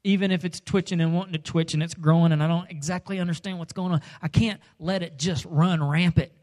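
A middle-aged man delivers a comedic sermon with a light, jokey touch. He acts out little voices and scenes, then suddenly bursts into loud lines before settling back into plain storytelling. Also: a little high, fairly even intonation, brisk. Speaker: preacher.

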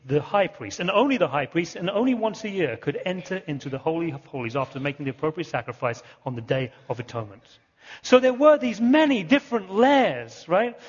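A man's voice: on the high side, breathy edge. A man preaching a sermon, telling stories in a conversational way and often repeating and restarting words. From England. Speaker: pastor. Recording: muffled sound with long hall reverb.

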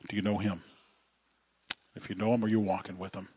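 A male pastor preaching a sermon in a plainspoken, earnest way, often letting phrase ends drop quiet. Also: on the low side, flat delivery, a little fast, pauses often, husky. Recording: slightly muffled lo-fi recording.

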